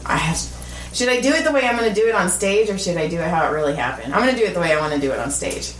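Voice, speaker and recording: A woman's voice: lowish voice, racing. A middle-aged woman co-hosting a podcast, telling a comic story with lots of laughter and swearing. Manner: animated, laughing storyteller who swears freely. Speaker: podcast co-host. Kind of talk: casual comedic storytelling. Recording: echoey room, mic at a distance, faint noise.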